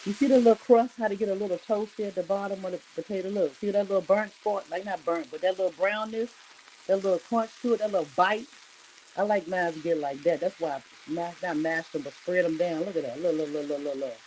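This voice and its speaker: A woman's voice: mid-range voice, fairly quick, a little mellow, distant mic, a little hiss or hum, rough recording. A middle-aged woman hosting a casual cooking livestream from her home kitchen, chatting straight to her viewers with lots of asides. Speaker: home cook livestream host.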